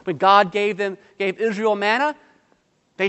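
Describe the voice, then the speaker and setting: A man's voice: sits high, flat delivery, a little slow, bright, forceful tone, smooth, in a large hall. A male pastor preaching a sermon, emphatic and full of rhetorical questions to the congregation, with light humorous asides.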